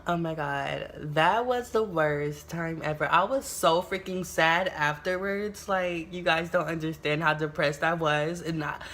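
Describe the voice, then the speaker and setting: A young adult woman from the United States tells a storytime vlog in a casual, animated way, swearing often and exclaiming a lot. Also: deep voice, unhurried, few pauses. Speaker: YouTuber.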